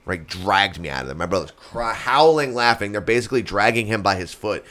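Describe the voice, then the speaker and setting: Young male podcast host, very low voice, profane and animated comic storyteller. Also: a little fast. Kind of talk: comedic storytelling.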